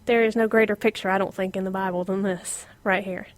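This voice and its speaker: A middle-aged woman gives an informal Bible lesson in a medium-pitched, brisk voice. She's animated and laughs often, dropping to a whisper for emphasis.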